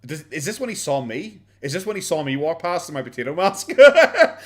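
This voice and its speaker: A man's voice: fairly high pitch, very animated, a little fast. A young Irish man commenting on videos during a live stream, sarcastic and rambling, swearing often and filling gaps with "like". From Ireland. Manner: sarcastic, swears freely, rambling with many fillers.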